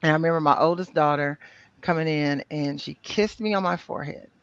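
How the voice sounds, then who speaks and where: A woman's voice: low-pitched, a little fast, clean tone, no echo, dull audio. Middle-aged woman telling a personal story. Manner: animated retelling, acting out quoted voices, many fillers. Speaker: guest.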